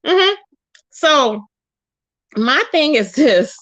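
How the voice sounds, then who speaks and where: A sassy woman with a high voice rants at the people she calls out, stretching out her emphatic phrases. Her confrontational commentary comes through a dull, lo-fi, dry recording. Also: very animated, very slow, a bit bright, no room sound. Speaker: YouTube commentary host. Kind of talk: casual commentary rant.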